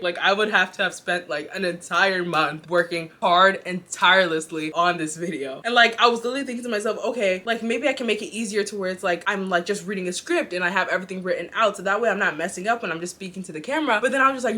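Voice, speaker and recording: Bright-voiced young woman ranting casually. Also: medium pitch. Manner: rambling, heavy filler "like", addresses viewers as y'all and bestie. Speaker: drama review vlogger. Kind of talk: casual chatty rant to camera.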